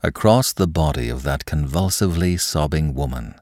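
A man narrating a classic novel in a dramatic, expressive way. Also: extremely low pitch, normal speed, no echo, studio quality. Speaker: audiobook narrator.

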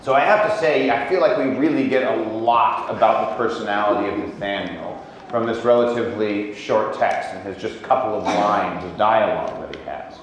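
A man from Indiana preaching a sermon as pastor, relaxed and conversational with touches of humor. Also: fairly low pitch, moderate pace, heavy reverb, slight background noise, rough recording. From Indiana, USA. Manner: conversational and humorous, with acted quotes.

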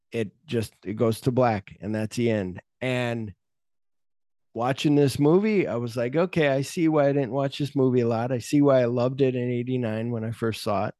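A man's voice: mid-range voice, moderate pace, mellow, dry recording, clean studio sound. A middle-aged man hosting a podcast, retelling movie scenes in casual chat and swearing freely. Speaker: podcast host.

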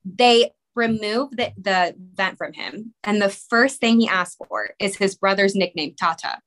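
Bright-voiced woman telling an emotional story. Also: medium pitch. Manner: rushed, rambling, many "like" fillers. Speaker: podcast guest, mother. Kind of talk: emotional personal story in conversation.

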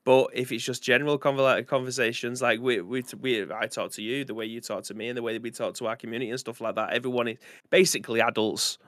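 An easygoing man from the UK co-hosts a casual live-streamed podcast, plain-spoken and swearing casually. His voice sits at a middle pitch. The sound is dry and close. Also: steady tone, fast talker, a bit bright, no echo. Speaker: podcast co-host.

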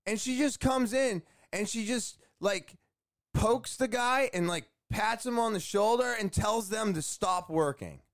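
High-voiced man ranting to camera. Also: a little slow. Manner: animated, exasperated, swears often. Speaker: vlogger telling a story. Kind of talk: casual storytelling to camera. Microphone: camera facing speaker.

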